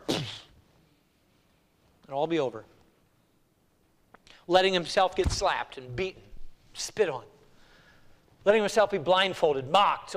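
A male pastor preaching a sermon, swinging between hushed lines and loud, dramatic ones. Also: on the high side, animated, takes it slowly, pauses often, big-room sound. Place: church sanctuary.

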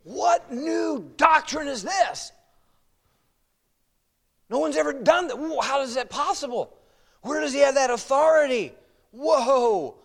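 A man's voice: very high-pitched, lively intonation, slow, creaky, pauses often, pitched above the performer's own voice, full character voice. A man voicing an astonished man in a crowd, exclaiming in awe. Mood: amazed. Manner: awed, exclaiming.

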